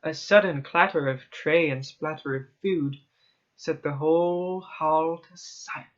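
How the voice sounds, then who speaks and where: Male horror-story reader, higher-pitched, dramatic, lo-fi home mic. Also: measured pace. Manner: dramatic first-person narration, hushed at tense moments. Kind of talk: horror story read aloud.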